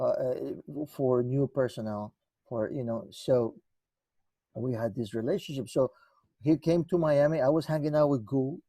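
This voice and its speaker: A man recounts old memories in an easy, rambling way, stopping and restarting mid-thought and acting out what others said. His voice is mellow and dark. The sound is close and dry, with no room around it. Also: mid-range voice, no room sound. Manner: rambling, many restarts, acts out dialogue. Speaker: guest musician. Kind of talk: conversational storytelling.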